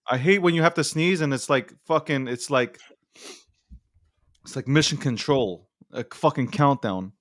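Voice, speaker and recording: A man hosting a casual talk show, blunt, profane and excitable. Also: medium pitch, moderate pace, dry recording, studio quality. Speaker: podcast host. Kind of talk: casual chat.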